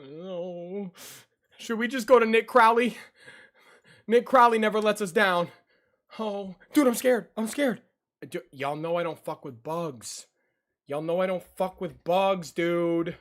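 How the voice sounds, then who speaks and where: A man's voice: high voice, slow pace, a bit bright. A young man chatting casually to his livestream audience, repeating himself and easily spooked. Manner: talks straight to chat, repeats his lines, easily spooked. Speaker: streamer.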